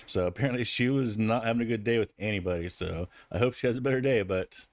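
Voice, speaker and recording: A man's voice: lowish voice, fast, no echo. A man casually telling a rambling personal anecdote, with frequent restarts and fillers. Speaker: vlogger. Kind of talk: casual storytelling.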